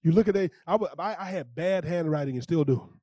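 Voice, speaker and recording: A male pastor preaching a sermon in a lively, conversational way, repeating phrases and talking straight to the congregation. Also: a little high, a little fast, no room sound. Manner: animated, conversational preaching with repetitions.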